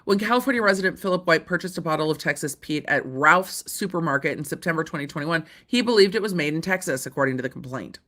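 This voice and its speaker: A woman hosting a casual legal commentary show, talking in an animated, incredulous way and repeating herself as she reacts. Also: low voice, fast, hardly any pauses. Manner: swears casually. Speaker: host.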